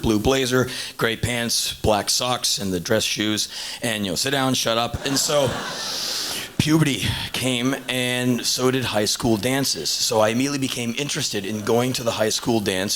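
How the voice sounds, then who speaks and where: A man in his thirties telling a long funny story on stage, shouting punchlines one moment and muttering asides the next. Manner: animated, swings from loud exclaiming to low muttering. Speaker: stand-up comedian. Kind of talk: live stand-up storytelling. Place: live stage before an audience. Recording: hissy low-quality VHS concert tape.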